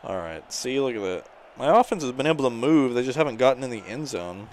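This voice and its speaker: A man giving live commentary on his own gameplay, excitable and shouting at his players during big plays. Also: mid-range voice, quick pace, a little hiss or hum. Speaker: gaming channel host.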